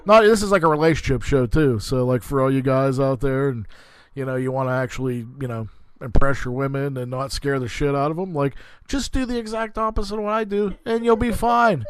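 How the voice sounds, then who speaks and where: A man's voice: mid-range voice, fairly quick. Profane rambling man telling a heated story. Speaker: podcast host.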